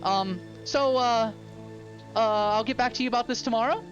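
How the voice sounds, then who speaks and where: A man voicing a mild, bureaucratic lawyer who talks in a polite, halting way with many pauses and restarts. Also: very high voice, voice pushed up. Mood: courteous. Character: hesitant, fussy male lawyer, mild and bureaucratic. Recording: dull lo-fi with loud ambient music.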